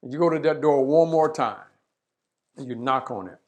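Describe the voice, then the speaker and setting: A man's voice: mid-range voice, moderate pace. Man telling a motivational parable. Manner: storytelling, acts out voices, frequent "right?". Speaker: leadership speaker. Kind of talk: motivational webinar talk with parable.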